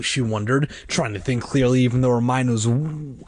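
Casual amateur reader, male, husky, dry close mic, hams up a creepy kids' story. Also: mid-range voice, normal speed, a little mellow, no room sound. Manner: reads aloud with exaggerated character voices and joking asides. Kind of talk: casual read-aloud of a children's horror book.

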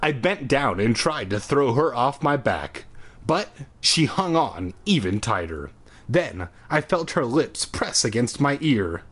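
A man at home doing a comic reading of a children's book, lively and breaking off into crude sarcastic asides. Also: medium pitch, a little slow, breathy edge. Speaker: reader.

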